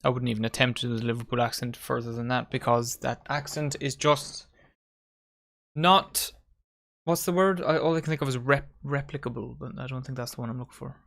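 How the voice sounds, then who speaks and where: This watchalong host talks a little fast at a medium pitch, his voice creaky and a bit bright. As the match unfolds he calls the action in a casual, chatty way and jokes around with his mates and viewers.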